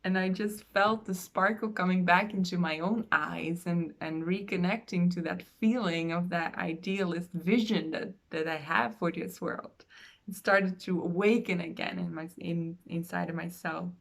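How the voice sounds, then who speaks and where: A woman, a soul coach, speaking in an earnest, gentle way in a heartfelt online talk. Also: on the low side, steady tone, gravelly. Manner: earnest, gentle, slow with pauses.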